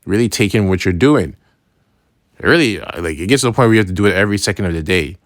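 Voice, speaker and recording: A man's voice: sits low, expressive, quick pace, no room sound, studio quality. A man teaching a casual Bible lesson in a loose, slangy way, often checking in with "right?". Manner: conversational, keeps asking "right?"; slangy, loose phrasing with restarts. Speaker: religious teacher.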